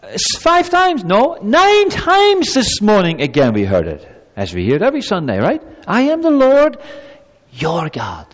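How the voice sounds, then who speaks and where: A man's voice: high voice, normal speed. Man preaching in a reverberant hall. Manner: animated preaching, voicing God's words in a warm, pleading tone. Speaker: pastor. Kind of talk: sermon.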